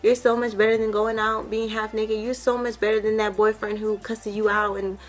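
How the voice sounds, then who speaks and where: A woman's voice: medium pitch, little pitch movement, normal speed. A young woman giving an emotional personal testimony, earnest and heartfelt, with many casual fillers. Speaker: vlogger sharing her testimony.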